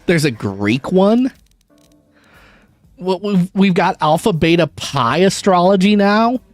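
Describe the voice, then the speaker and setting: A man with a high, expressive voice speaks slowly on his gaming livestream, with no echo and faint music in the background. He jokes with viewers, swears, and laughs often in a loose, talkative way.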